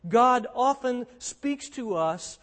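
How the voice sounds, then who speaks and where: A man's voice: extremely high pitch, animated, takes it slowly, a bit bright. A man preaching as a pastor, earnest and conversational, driving points home with emphatic repetition. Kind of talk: sermon. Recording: long hall reverb.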